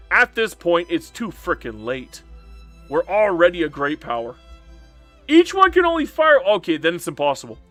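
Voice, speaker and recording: A man's voice: on the high side, bright, forceful tone. A man streaming a strategy game live, playfully answering chat and mock-complaining as he talks through his plans. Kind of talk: live-stream gameplay commentary.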